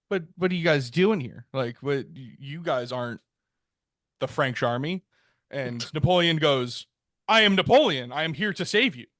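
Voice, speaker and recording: A man co-hosting a podcast, casually retelling a history story in a rambling, laid-back way, often saying "um" and "like" and jumping his pitch to act out the people in it. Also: fairly bright tone, dry recording, studio quality. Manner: acts out quoted characters with jumps in pitch. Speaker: podcast co-host.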